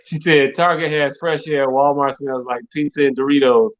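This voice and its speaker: A man's voice: mid-range voice, little pitch movement, normal speed. A middle-aged man, telling rambling, profane stories as a podcast co-host and repeating "hey, look" often. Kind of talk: casual comedic chat. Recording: dull lo-fi sound.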